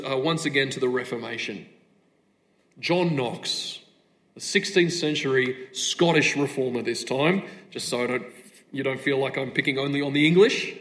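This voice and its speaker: A man delivers a sermon with a slightly raised pitch. He presses his points through repeated rhetorical questions and firm stress, addressing the congregation directly. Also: fairly bright tone. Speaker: preacher.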